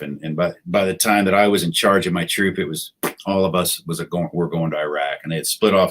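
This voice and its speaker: A middle-aged American man, a retired soldier and podcast guest, telling war stories in a relaxed, anecdotal way. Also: low voice, a little fast. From United States. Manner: laid-back, anecdotal, acts out quoted voices. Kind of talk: casual storytelling interview.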